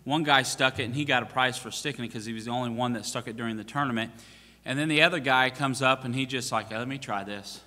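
A man's voice: mid-range voice, steady tone, quick pace, pushed and bright. A man preaching as a pastor, telling a story with self-mocking jokes and many fillers and restarts. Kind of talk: storytelling from the pulpit. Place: church sanctuary. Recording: long church reverb.

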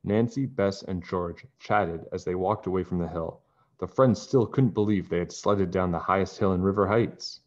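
A man reading a children's book aloud in a calm, even narrating voice. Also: sits low, normal speed. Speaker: storybook reader. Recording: dull lo-fi recording.

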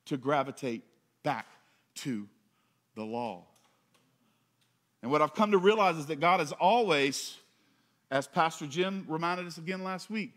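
A man preaching a sermon in a slightly higher voice than most men. He talks to the congregation conversationally, with little asides. He rises for emphasis and drops low and quiet to land his points. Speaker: pastor.

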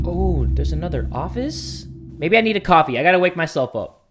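A young adult man doing jokey commentary while playing a horror game, yelping and shouting at the scares. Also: on the high side, sing-song, moderate pace. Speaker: gaming YouTuber. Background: loud game music.

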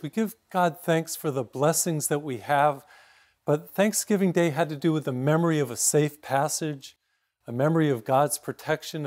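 Priest in his sixties preaching a sermon. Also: a little high. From Massachusetts. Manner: storytelling, steady and reflective.

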